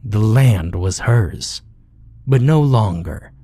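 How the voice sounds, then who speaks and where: A man voicing an ancient tree-like fae troll who speaks low and unhurried, as if he has all the time in the world. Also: animated, mellow, dry recording, exaggerated voice. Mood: amused menace. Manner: slow, low, creaking.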